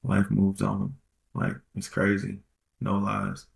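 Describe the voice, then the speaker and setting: Podcast host, male, low voice with gravel, rambling slangy advice, repeats himself. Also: big pitch swings, slow pace. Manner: rambling, repeats phrases for emphasis; slangy, street-casual phrasing. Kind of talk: casual relationship-advice monologue.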